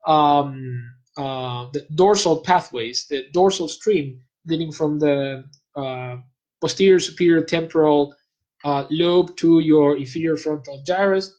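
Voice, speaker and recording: The audio is rough, capturing a man with a somewhat high voice whose first language is Spanish. As a guest expert at an academic talk, he explains things in a steady, lecturing fashion, breaking off to look for terms.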